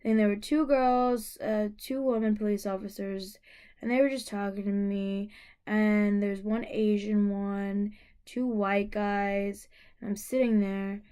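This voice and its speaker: A woman's voice: mid-range voice, steady tone, measured pace, warm tone, smooth. A young woman vlogger telling a personal story to camera, emotional and rambling, with many fillers and restarts.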